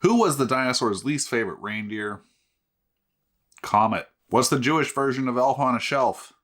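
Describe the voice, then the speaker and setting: A man hosting a casual beer review vlog who tells jokes in a deadpan way and swears freely. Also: medium pitch, moderate pace. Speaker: host.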